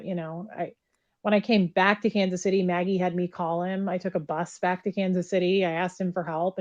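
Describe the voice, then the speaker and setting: A woman's voice: on the low side, a little mellow. A woman on a recorded phone call, speaking candidly and bluntly and swearing freely as she talks about her past. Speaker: caller, former member recounting her past.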